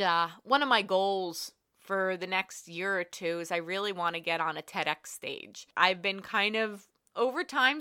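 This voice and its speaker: A middle-aged woman, a health coach hosting her own podcast, telling candid stories in a casual, animated way and acting out what she said. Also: medium pitch, clean tone. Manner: candid, animated storytelling with quoted asides. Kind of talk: casual solo podcast monologue.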